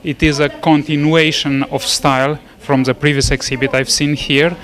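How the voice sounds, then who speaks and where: A man with a fairly high voice answers a host's questions at a gallery opening. He speaks in a measured, polite, thoughtful way. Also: flat delivery, a bit bright. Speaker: guest at an exhibition. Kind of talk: casual interview.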